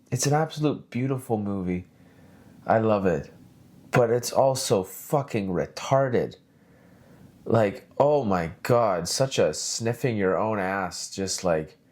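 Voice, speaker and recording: Deep-voiced man ranting on a podcast. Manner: profane, rambling, animated. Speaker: podcast host. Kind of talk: solo casual podcast rant.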